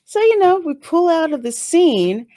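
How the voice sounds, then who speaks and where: A woman giving a casual, stream-of-consciousness review of a TV episode, chatty and animated, with sudden jumps up in pitch. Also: a little slow. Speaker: YouTube reviewer.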